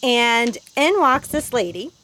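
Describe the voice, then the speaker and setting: A woman's voice: on the high side, big pitch swings, takes it slowly, sharp tone, a little hiss or hum, rough recording. A woman, a teacher and interview guest, telling a personal story casually and acting out the dialogue.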